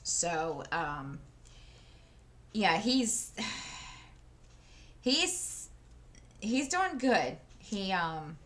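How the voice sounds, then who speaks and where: Slow-talking woman with a bright voice. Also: mid-range voice, very animated. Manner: rambling storyteller with many fillers and restarts. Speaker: craft channel host. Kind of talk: casual chat while diamond painting. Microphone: desk microphone.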